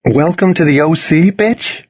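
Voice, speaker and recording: A man's voice: on the high side, a little slow, breathy edge, lo-fi sound, pitched above the performer's own voice. A man voicing a sarcastic, teasing teenage boy in a storybook reading. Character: snarky, protective teenage boy.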